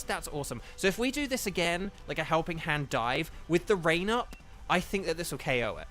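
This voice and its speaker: A man talks through a game on a live stream in a loose, chatty way, full of ums and quick excited bursts. His voice sits a little high. Faint game music plays underneath. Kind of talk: casual live gameplay commentary.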